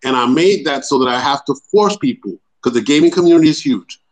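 A man explaining his project in an earnest way, pausing often with hesitations. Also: medium pitch, animated, low-quality recording. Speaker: project founder. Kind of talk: casual explanatory talk.

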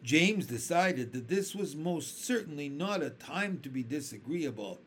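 A man reading a children's book aloud with expressive storytelling. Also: fairly high pitch, measured pace, a little hiss or hum. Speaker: reader.

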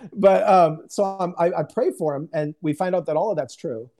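A man, a guest minister on a video call, telling a testimony in a lively, joking way and acting out the quotes. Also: high-pitched, moderate pace. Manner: animated, joking, acts out quotes. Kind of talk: casual storytelling testimony. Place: home in Houston. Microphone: remote video call.

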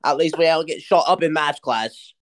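A man's voice: on the high side, moderate pace, natural voice. A young man putting on a crude, mocking British accent as a brash lad for a comic impression. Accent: put-on British.

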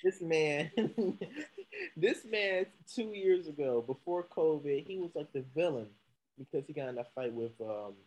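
A man's voice: fairly high pitch, lively intonation, measured pace, darkish tone, slight background noise, low-quality recording. A man co-hosting a sports talk show, chatting casually and laughing easily, at times stumbling over names. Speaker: podcast co-host.

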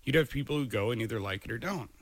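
Podcast co-host, male, mid-pitched voice, dry close mic, blunt and profane. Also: lively intonation, rapid-fire, gravelly, no echo. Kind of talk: casual chat. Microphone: studio microphone.

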